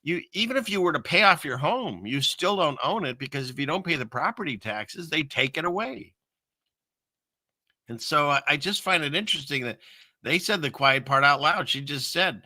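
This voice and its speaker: A man hosting a casual livestream, rambling and chuckling through viewer comments with lots of filler words and trailing pauses. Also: on the high side, lively intonation, bright, forceful tone, no room sound, clean studio sound. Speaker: livestream host reading viewer chat. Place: home setup in the Seattle area.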